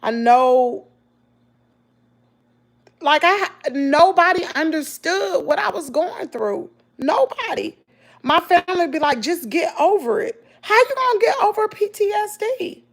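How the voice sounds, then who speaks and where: Southern lady vlogger, high voice w/ gravel in it, chatty and emotional, talks straight to y'all. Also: a little slow. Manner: emotional, animated storytelling, addresses viewers as y'all. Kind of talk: casual chat to viewers.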